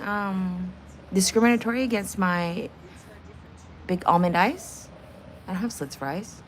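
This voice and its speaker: A woman's voice: mid-range voice, a little slow, long pauses. A woman hosting a live stream in casual chat, blunt and profane, bantering with her viewers and laughing often. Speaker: livestream host.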